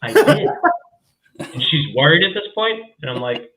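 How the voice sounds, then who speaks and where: A man's voice: on the high side, moderate pace, echoey room, poor audio. A man hosting a casual chat, telling a story with lots of swearing and acting out what others said. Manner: profane, animated storyteller who acts out quotes. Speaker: podcast host.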